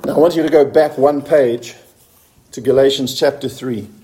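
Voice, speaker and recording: A male preacher delivering a sermon, asking the listeners questions and reading scripture slowly and earnestly. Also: medium pitch, fairly even intonation, mellow.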